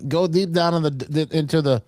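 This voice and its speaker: A man's voice: a little high, a little fast, no room sound, clean studio sound. A male talk show host giving opinionated political commentary in a mocking way, full of restarts. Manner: mocking, animated, trailing restarts.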